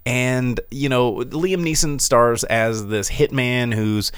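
A man's voice: medium pitch, slow, clear, resonant tone, dry recording. A man hosting a casual podcast chat, rambling through a film review with lots of fillers and a sarcastic, mocking edge. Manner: animated, mocking delivery.

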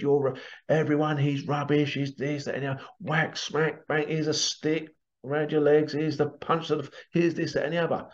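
A man's voice: on the high side, a little mellow, dull audio. A man working as a healing therapist, talking casually in a rambling way and repeating his phrases. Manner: rambling, repeats phrases, acts out quoted voices. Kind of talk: casual monologue to camera.

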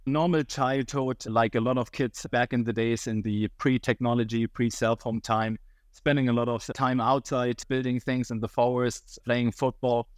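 A German man in his thirties talks in a relaxed, reflective way, his English carrying a faint Cork lilt. His voice sits at an ordinary middle pitch. The sound is dry and close, with no room around it. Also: normal speed, clear, resonant tone, no echo. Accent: German, with a touch of Cork Irish. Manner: relaxed and reflective, slightly non-native phrasing. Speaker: podcast guest. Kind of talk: casual interview talk.

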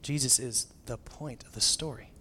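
A man preaching a conversational sermon as a pastor, casual and animated, often restarting phrases and dropping in filler words. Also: medium pitch, moderate pace, slight background noise.

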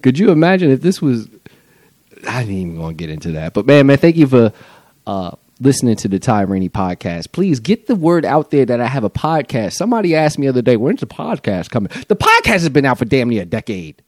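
Loose, rambling man with a dark voice. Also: medium pitch, big pitch swings, quick pace, no room sound. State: high on mushrooms. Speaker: podcast host. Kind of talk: rambling comedic monologue.

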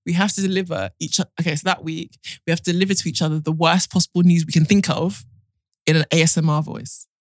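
A woman co-hosting a casual podcast, teasing and giggly, often dropping to a quiet voice. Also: low voice, fairly even intonation, fast, dry recording, clean studio sound. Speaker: podcast co-host. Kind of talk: casual chat.

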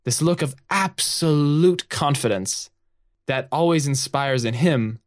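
A man's voice: fairly high pitch, takes it slowly. A man playing a tabletop game, narrating his character playfully and improvising. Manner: playful, improvising, laughs often. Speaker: player. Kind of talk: tabletop role-play narration.

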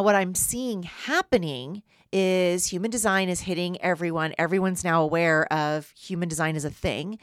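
A woman's voice: fairly low pitch, no room sound. Dry-voiced woman coaching on a podcast. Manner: earnest, explanatory, often asks "right?". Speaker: podcast host and human design coach. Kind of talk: solo podcast teaching talk.

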